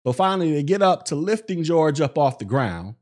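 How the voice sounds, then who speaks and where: Slightly high and sing-song, a little mellow, this man's voice moves fairly quickly as he hosts a podcast. His commentary is casual and conversational, full of fillers and acted-out quotes as he recounts events.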